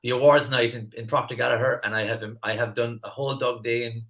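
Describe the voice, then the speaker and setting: A man's voice: mid-range voice, quick pace. Earnest man hosting a coaching class. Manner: earnest, animated, repeats words when starting phrases. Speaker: mentor and masterclass host. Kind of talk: live online coaching class.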